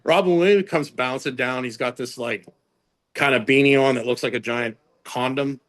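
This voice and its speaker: A middle-aged strength and conditioning coach speaks at a moderate pace as an interview guest, telling stories in a casual, rambling way. He's an animated storyteller full of fillers and restarts, pitching his voice up to act out what others said.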